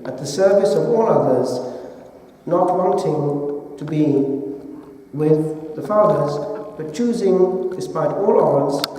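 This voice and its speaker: Priest from England preaching a sermon, high-pitched and mellow, heard from far off in a long-echoing church hall. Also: male voice. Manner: measured, deliberate delivery with long pauses.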